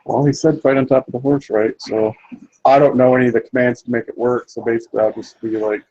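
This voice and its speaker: A man's voice: mid-range voice, flat delivery, quick pace, warm tone. A man at a tabletop game thinks aloud, unsure and rambling as he plans his move. His voice comes through dull and muffled. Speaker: player. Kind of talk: casual tabletop play.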